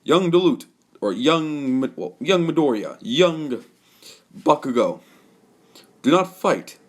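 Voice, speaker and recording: A man voicing a loud heroic male teacher, calling out firmly in a raised voice for a fan story. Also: a little high, very animated, takes it slowly, pitched above the performer's own voice, heavily acted. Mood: commanding.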